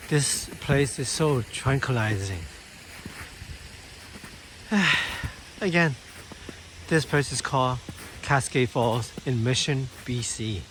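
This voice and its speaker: A man's voice: mid-range voice, noisy background. A man vlogging on a hillside trail near a waterfall, awestruck and often exclaiming over the view. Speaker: nature vlogger. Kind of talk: casual narration while walking outdoors.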